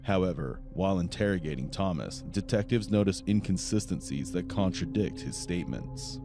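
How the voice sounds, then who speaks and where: A man reading scripted true-crime narration in a measured, grave way. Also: sits low, lively intonation, music in the background.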